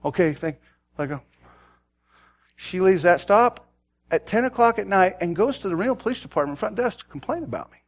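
A man delivers a sermon in a fairly high voice. He drops low to tell a personal story, then builds to loud, urgent exhortation and often repeats words as he starts a thought. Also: animated, a little fast, long pauses. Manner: swings between loud urgent preaching and quiet storytelling. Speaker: pastor.

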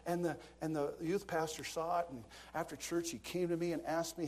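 A man preaches in an animated storytelling style, his voice pitched a touch higher than most men's. He drops into quiet asides and breaks into laughter as he tells his stories. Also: fairly quick, hardly any pauses. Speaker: pastor. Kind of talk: storytelling sermon.

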